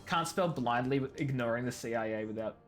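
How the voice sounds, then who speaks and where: A streamer in their twenties, late twenties in fact, chats casually with viewers while gaming, speaking a little fast in a mid-range voice over faint music. They rant, mock themselves, address chat by name and say "fudging" in place of swears.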